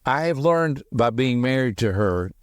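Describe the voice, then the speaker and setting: Man, middle-aged, motivational podcast host, folksy, quick and emphatic, mid pitch, dry close sound. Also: lively intonation, clear, resonant tone, no room sound. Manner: quick, folksy and emphatic, tells personal stories. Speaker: podcast host and personality teacher.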